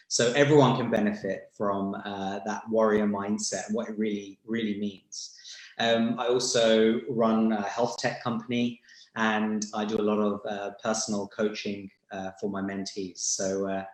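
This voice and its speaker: A British man from the UK, a martial arts coach, chatting as a guest in a relaxed, hesitant way with many fillers. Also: on the low side, echoey room, low-quality recording. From United Kingdom. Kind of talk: casual interview chat.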